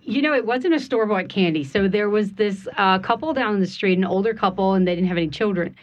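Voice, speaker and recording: A woman's voice: mid-range voice, fast talker. Woman, chef guest, easygoing, slightly muffled studio recording. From St. John Parish, Louisiana. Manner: easygoing, laughs often. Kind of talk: casual radio interview. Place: radio studio.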